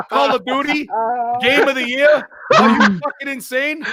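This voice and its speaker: A man voicing a brash, boozy Christmas roaster who mocks his co-hosts loudly. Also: extremely high pitch, wildly swooping pitch, takes it slowly, heavy background noise, pitched above the performer's own voice, full character voice. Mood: boastful. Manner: loud, boastful, mocking. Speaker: podcast co-host. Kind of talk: comedic rant and parody song.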